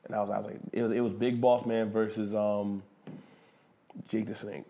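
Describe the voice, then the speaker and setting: A wrestler, appearing as an interview guest, tells a backstage story in slangy, casual speech, swearing freely and loudly acting out what others said as an animated storyteller. His voice is fairly low-pitched, at a moderate pace.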